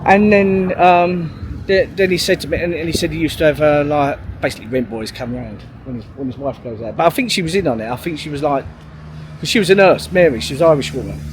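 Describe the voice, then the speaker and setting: A man's voice: fairly high pitch, lively intonation, fast, a little hiss or hum. A man, telling a long story in a rambling, sweary way, full of fillers and restarts. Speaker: vlogger. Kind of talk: casual storytelling monologue.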